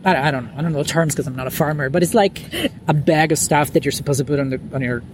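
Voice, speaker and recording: His voice is a little high and fairly even, moving at a quick pace over background noise. As a guest on a podcast taped outdoors on a night-time lawn, he chats casually and rambles, with lots of fillers and restarts.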